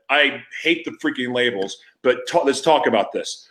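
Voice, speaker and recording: A man's voice: mid-range voice, expressive, normal speed, hardly any pauses, a bit bright. A man hosting his own podcast, telling a raw personal story in a candid, emotional way, with frequent restarts and trailing thoughts. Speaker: podcast host.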